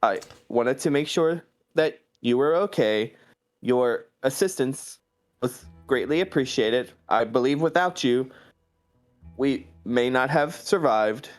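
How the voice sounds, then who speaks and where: A man playing a tabletop game, speaking his character's lines slowly and formally. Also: medium pitch, animated, faint music behind. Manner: slow, formal in-character speech. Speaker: player. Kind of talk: tabletop role-play in character.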